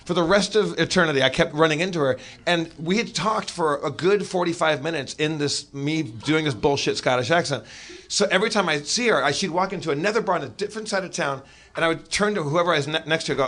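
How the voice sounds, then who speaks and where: A man's voice: a little high, quick pace, sharp tone. A man hosting a comedy podcast, telling a story animatedly and acting out the voices of the people in it.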